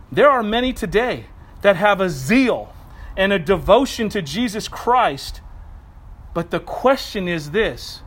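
A man preaching a sermon outdoors in a conversational, animated way, with self-correcting asides. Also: high-pitched, rough recording.

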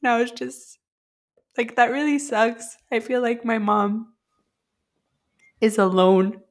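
A woman with a fairly high voice takes her time as a podcast co-host. She tells a heartfelt, rambling personal story packed with "like" fillers.

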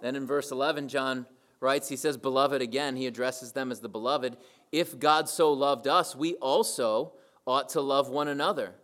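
A man's voice: mid-range voice, steady tone, normal speed, fairly bright tone. A man preaching a sermon to his church, emphatic and repeating key phrases for weight. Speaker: pastor.

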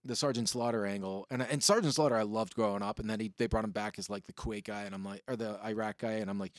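A man hosting a podcast in casual chat, telling rambling, profane stories with bursts of excitement. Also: lowish voice, fast, no room sound, clean studio sound. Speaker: podcast host.

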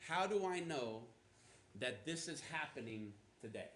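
A man's voice: mid-range voice, lively intonation, measured pace, a bit bright, reverberant. A man preaching a sermon to a church congregation in a conversational way, with casual asides. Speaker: pastor. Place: church auditorium.

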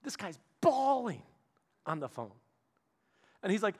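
A young man preaching a sermon, telling a personal story and acting out the voices of the people in it, going from loud to hushed. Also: high voice, unhurried, long pauses, breathy edge. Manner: animated, acts out quoted voices, shifts from loud to hushed. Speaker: pastor's son preaching.

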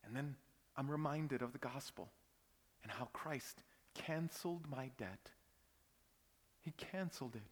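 A pastor preaching a sermon, telling a personal story that swings from hushed whispers to loud outbursts. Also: male voice, medium pitch, unhurried, long pauses, long reverb tail.

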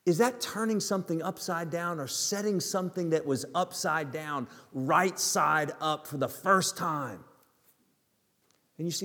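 Gravelly-voiced preacher in a hall. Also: male voice, on the high side. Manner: emphatic, slows down and drops to a hush on key words. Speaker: pastor. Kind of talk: sermon. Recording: long hall reverb.

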